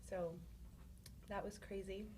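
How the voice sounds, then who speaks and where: A woman's voice: medium pitch, fairly even intonation, slow, dark tone, slight background noise. Chatty young woman telling a story. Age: young adult. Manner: rambling, filler-heavy storytelling with laughs. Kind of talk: casual chat.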